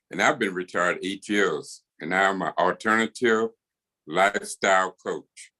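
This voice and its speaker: A man in his sixties speaks in a very deep, low voice. His remarks are calm and brief, in a casual, friendly chat. He joins over a video call. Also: takes it slowly. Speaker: retired teacher and lifestyle coach.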